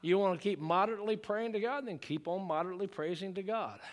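A male pastor preaching a fervent sermon to his church. He calls for congregational responses and rises into shouted exclamations. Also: high voice, fast talker. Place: church sanctuary.

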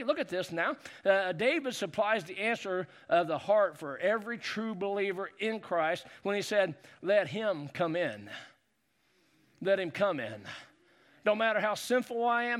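Preacher man, high voice, call and response, gets shouty. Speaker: pastor. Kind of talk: sermon.

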